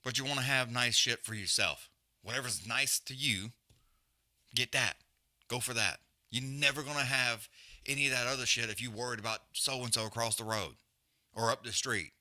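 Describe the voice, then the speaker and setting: A blunt man rants on a live stream, swearing constantly and hammering his points home through repetition. His voice is very bright and cutting, at a middle pitch. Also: moderate pace. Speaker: podcast host. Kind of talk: profane rant on a live stream.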